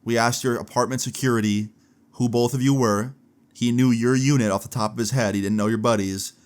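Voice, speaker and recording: A firm police officer, played by a man telling a story on a vlog. He speaks in a low, measured voice and asks questions plainly. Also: fairly even intonation, close to an everyday voice. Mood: stern. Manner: measured, matter-of-fact questioning.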